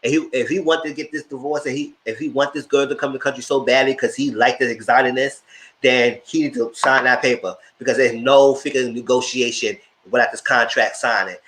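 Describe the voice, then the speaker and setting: A man's voice: medium pitch, fairly quick. Opinionated man doing casual TV commentary. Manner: animated, opinionated, talks straight to viewers. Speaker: host reviewing reality TV.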